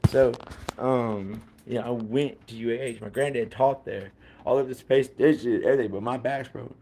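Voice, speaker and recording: Rambling man, dark voice. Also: mid-range voice, fairly even intonation, moderate pace, creaky. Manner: rambling, repetitive, many fillers and restarts. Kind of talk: rambling casual monologue.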